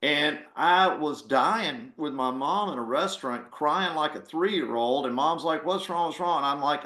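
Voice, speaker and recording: A man's voice: fairly high pitch, a bit bright. Earnest man on an echoey video call. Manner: earnest, heartfelt, voice catching with emotion. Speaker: retired army officer and author. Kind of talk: emotional conversation on a video call.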